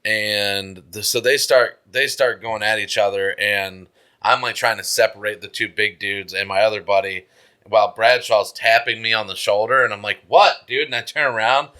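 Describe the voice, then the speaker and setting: A man's voice: lowish voice, steady tone, normal speed, bright, forceful tone, clean tone. A young man on a podcast, telling a rambling, profane story with filler words and laughs. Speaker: podcast co-host. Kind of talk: casual storytelling chat.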